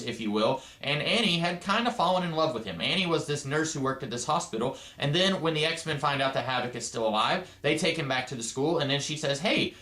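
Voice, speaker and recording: A man's voice: medium pitch, sharp tone, echoey room. A man giving a casual, rambling comic book review with many asides and fillers.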